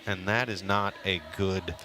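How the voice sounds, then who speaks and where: Low-voiced joking play-by-play man. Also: steady tone, unhurried, pushed and bright, a little hiss or hum. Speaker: play-by-play commentator. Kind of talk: casual sports commentary.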